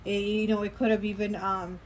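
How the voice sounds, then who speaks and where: Woman tarot reader, chatty and rambling, mid-pitched, steady background hiss under the voice. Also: fairly quick. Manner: chatty, rambling, many fillers and restarts. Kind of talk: casual tarot reading monologue.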